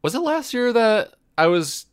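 A man's voice: extremely high pitch, sing-song, a little slow, smooth. A man co-hosting a casual gaming podcast, speaking in a wry, hedging way. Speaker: podcast co-host.

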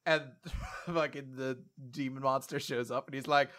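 A man co-hosting a casual chat, animated, laughing often and acting out the quotes. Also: medium pitch, moderate pace. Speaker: podcast co-host.

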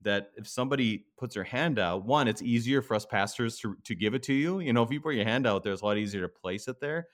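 A man who is a pastor, speaking thoughtfully on a podcast and slowing down to stress key words. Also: mid-range voice. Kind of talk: conversational podcast discussion.

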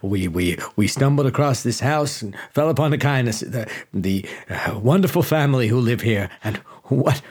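A man voicing a fumbling, smooth-talking male Bible salesman who stumbles over his words, with lively swings of pitch. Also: moderate pace, hardly any pauses. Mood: nervous charm.

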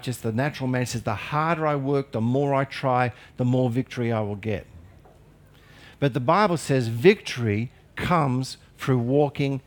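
A male pastor preaching a sermon in an earnest, emphatic way with light humorous asides. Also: mid-range voice.

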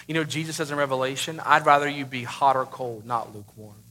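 Speaking quickly at a medium pitch, a thirtysomething male pastor preaches with force, breaking into abrupt loud outbursts and asking rhetorical questions.

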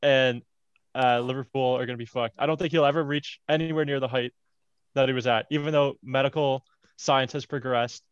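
A man's voice: medium pitch, steady tone, fairly quick, smooth, no echo, dull audio. A man in casual football chat, dry and sarcastic, arguing his opinions.

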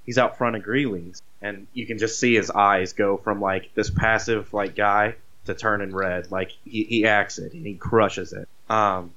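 A man casually retelling a movie plot, rambling and animated, with swearing. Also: fairly low pitch, a little slow, few pauses, dull audio. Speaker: podcast co-host.

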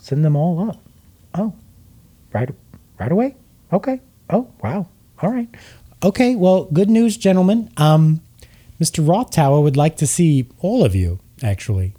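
Bubbly gushing receptionist lady, pitched up high and mellow, as a man puts her on. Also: very animated, unhurried, pauses often, husky, heavily acted. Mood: flustered. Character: chatty cheerful woman receptionist.

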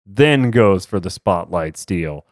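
A man's voice: low voice, slow pace, no echo, clean studio sound. A man in his thirties, co-hosting a casual podcast, recapping a TV episode with lots of swearing and laughter. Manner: animated, swearing, frequent laughs. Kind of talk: casual chat.

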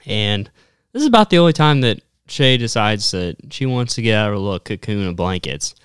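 Teasing man co-host, very low voice, smooth and resonant, dry close sound. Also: expressive, fairly quick, no room sound. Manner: teasing, drawling storyteller. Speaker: podcast co-host. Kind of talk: casual chat.

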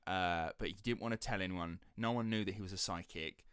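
A podcast host with a low, fairly quick, slightly bright voice tells a story in a chatty, sceptical way, slipping into quoted voices. His tone is clean, and the studio recording has no echo.

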